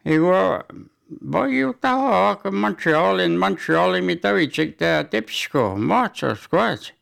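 Male community announcer, unhurried and hesitant, lots of fillers, gravelly texture. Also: high voice, expressive, a bit bright. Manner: halting delivery with many fillers. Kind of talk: community announcements and sports news.

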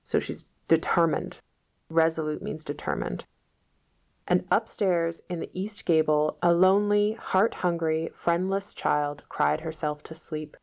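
A woman's voice: low-pitched, fairly even intonation, unhurried, vocal fry, a little mellow. A woman reading a novel aloud as a lesson, stopping often to explain old-fashioned words in simple terms.

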